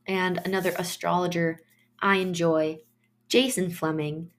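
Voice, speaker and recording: A woman's voice: fairly low pitch, fairly even intonation, unhurried. A woman hosting her own podcast, explaining astrology in a chatty monologue and telling personal stories in loose, trailing phrases.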